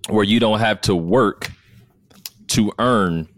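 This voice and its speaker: A man's voice: lowish voice, slow, a bit bright, no room sound. A man from the United States in casual conversation, emphatic, asking rhetorical questions and repeating words.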